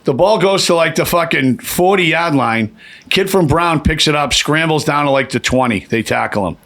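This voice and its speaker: A man telling a long, animated and profane story in a casual podcast chat, acting out quoted lines in a raised voice. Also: fairly high pitch, moderate pace.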